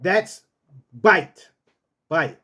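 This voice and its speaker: Man, high lively voice, slow unhurried talk, rough shouted commands. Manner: loose, repetitive, barks commands in a rough drill-sergeant tone. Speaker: storyteller host. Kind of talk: casual storytelling to camera.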